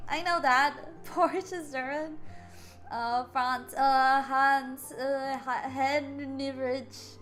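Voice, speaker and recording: A young woman with a high voice streams a game, reading its dialogue aloud and breaking into chatty, animated stories. She trips over words and laughs often. Faint game music plays softly behind her. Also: takes it slowly. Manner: animated storytelling.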